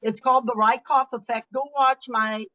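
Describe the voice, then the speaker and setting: An older woman coach giving a live webinar talk, animated and emphatic, often dropping her voice low or to a whisper for effect. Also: moderate pace. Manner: animated, emphatic, varies loudness, drops to whispers. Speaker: speaker and leadership coach. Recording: dull lo-fi webinar audio.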